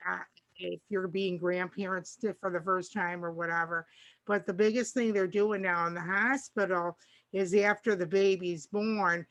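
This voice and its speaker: An older woman chatting casually as a co-host, meandering from one thought to the next. She often restarts her sentences and slips into little acted-out snippets of dialogue. Her pitch sits at a middling level. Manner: rambling, warm, restarts often and acts out dialogue. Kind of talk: casual chat.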